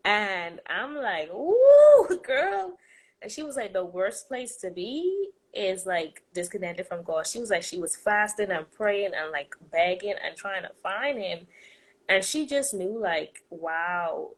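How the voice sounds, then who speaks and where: A woman's voice: mid-range voice, lively intonation, unhurried, a bit bright, rough recording. A woman hosting a podcast, chatting playfully about faith and laughing often. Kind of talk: casual faith chat.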